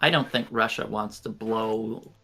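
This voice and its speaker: A man's voice: fairly low pitch, fairly even intonation, unhurried, bright, forceful tone. A man playing a strategy board game on a live stream, thinking his moves through aloud and sometimes mumbling. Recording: livestream call audio.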